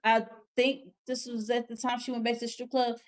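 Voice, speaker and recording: A woman hosts a casual TV show review, recapping scenes in a chatty, slangy way with frank, exasperated asides. Her voice is a little high, level in tone, and brisk.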